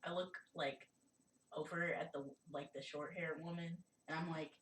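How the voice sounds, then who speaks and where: A woman's voice: low-pitched, steady tone, normal speed, a bit bright, reverberant, far from the mic, poor audio. A woman playing in a tabletop game, joking and offhand. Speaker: player. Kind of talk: casual chat in a tabletop game.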